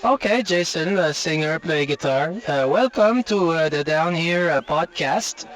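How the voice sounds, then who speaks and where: A man putting on a halting French Canadian interviewer. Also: a little high, animated, fairly bright tone, low-quality recording. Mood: chatty. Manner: halting, full of filler sounds and restarts. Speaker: podcast host. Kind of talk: comic on-the-road interview. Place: restaurant.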